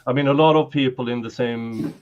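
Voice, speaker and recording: A man chatting on a group livestream call, halting and full of fillers. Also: mid-range voice, steady tone, muffled recording, slight background noise. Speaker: guest on a livestream chat. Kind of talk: casual group call chat.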